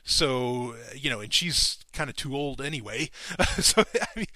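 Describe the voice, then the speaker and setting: A man hosting a podcast, talking in a casual monologue, excitable and profane, his voice leaping up when he gets enthused. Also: medium pitch, a little slow, no echo. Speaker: podcast host.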